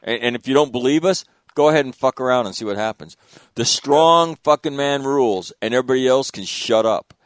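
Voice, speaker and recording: A man and military veteran telling war stories in a casual chat, animated and swearing freely. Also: mid-range voice, brisk, no room sound. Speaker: podcast host, military veteran.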